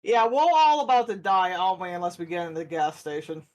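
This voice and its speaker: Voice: medium pitch, sing-song, a little fast, a little mellow, highs cut off. A player in a tabletop game, eager and playful while acting for their character. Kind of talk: tabletop role-play.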